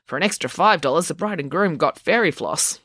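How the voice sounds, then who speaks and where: A storybook narrator voicing a brisk, impatient countrywoman who talks in a matter-of-fact, sing-song way. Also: medium pitch, animated, bright, forceful tone, no room sound, clean studio sound. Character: brisk older countrywoman cat lady, impatient.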